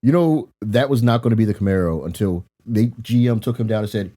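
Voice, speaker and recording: A man's voice: fairly low pitch, fast talker, hardly any pauses, warm tone. A man co-hosting a movie-review podcast, wry and profane, explaining film trivia in casual banter. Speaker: podcast co-host.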